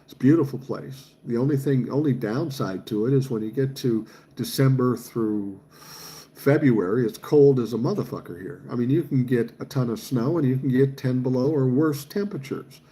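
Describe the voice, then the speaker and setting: A man in his sixties from Minnesota hosts a livestream, reading viewer comments out loud and swearing freely in casual chat. His voice is mellow and medium-pitched, at a normal pace.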